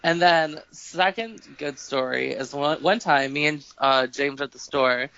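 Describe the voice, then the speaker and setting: On a podcast, a guest with a fairly high voice and measured pace chats casually, spinning meandering stories. He swears a lot and acts out quotes with animation, all captured on a dull, lo-fi home setup.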